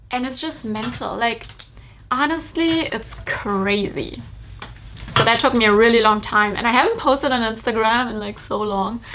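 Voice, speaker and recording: Chatty young woman vlogging, higher voice. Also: fairly bright tone. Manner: chatty and emotional, many fillers. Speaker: fashion vlogger and brand founder. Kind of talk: casual vlog update.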